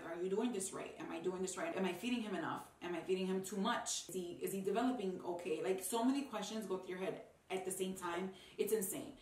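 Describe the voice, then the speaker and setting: A woman's voice: fairly low pitch, slight background noise. A young woman and new mother talking to camera in a heartfelt, rambling way with many ums and restarts. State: tearful at times. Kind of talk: personal talk to camera. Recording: roomy sound, mic a bit distant.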